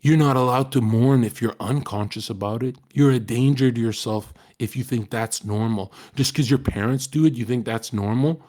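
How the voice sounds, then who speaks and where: A man's voice: mid-range voice, normal speed, hardly any pauses, darkish tone. A man livestreaming an angry, lecturing rant that is heavy with profanity and aimed at his chat.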